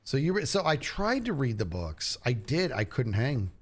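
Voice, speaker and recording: His pitch is fairly high and swoops wildly, and he speaks at a moderate pace. This middle-aged man is chatting with his stream viewers, rambling with enthusiasm about shows he loves and interrupting himself mid-sentence.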